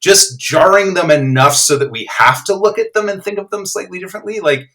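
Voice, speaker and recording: A man's voice: high-pitched, a little fast, pushed and bright, rough recording. A man guesting on a podcast, thinking aloud about language in an enthusiastic, reflective way. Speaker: guest, playwright. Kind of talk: casual podcast discussion.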